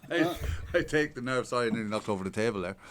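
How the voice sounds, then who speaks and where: A man's voice: medium pitch, animated, fast talker, fairly bright tone. A man bantering as co-host on an outdoor balcony, joking and laughing easily, picked up by a smartphone. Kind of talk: casual banter. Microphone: smartphone livestream.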